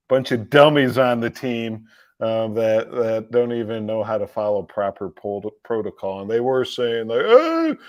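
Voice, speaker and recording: A man's voice: medium pitch, no room sound. A man hosting a live-streamed commentary show, talking in a mocking, sarcastic way, laughing often and repeating words as he restarts his sentences. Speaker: livestream political commentary host.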